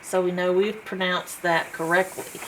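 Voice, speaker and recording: A woman teaching a phonics lesson, sounding out letters one by one in a slow, patient way. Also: on the low side, fairly even intonation, slight background noise, poor audio. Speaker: homeschool teacher.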